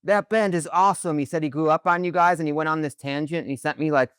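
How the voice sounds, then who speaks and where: A man's voice: on the high side, fairly even intonation, fast talker, a bit bright, smooth, no room sound. A man interviewing a band, chatty and enthusiastic, joking as he asks questions. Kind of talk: casual interview.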